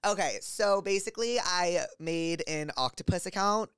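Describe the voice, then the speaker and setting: A young man hosts a podcast in a high-pitched, smooth voice at a moderate pace, recorded with studio quality and no room sound. He tells a story in rambling, animated casual chat, saying "like" constantly.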